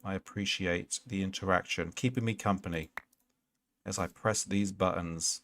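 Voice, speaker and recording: Chatty low-voiced man streaming a game. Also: steady tone, moderate pace. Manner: chatty, reads and answers chat, jokey asides. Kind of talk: casual Minecraft livestream chat. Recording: loud background noise.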